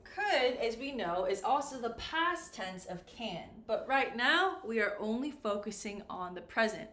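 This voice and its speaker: A woman teaching an English grammar lesson, modeling pronunciation slowly and clearly. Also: a little high, lively intonation, bright, forceful tone. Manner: slow, clear, exaggerated pronunciation demos. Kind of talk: classroom-style grammar lesson. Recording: echoey room.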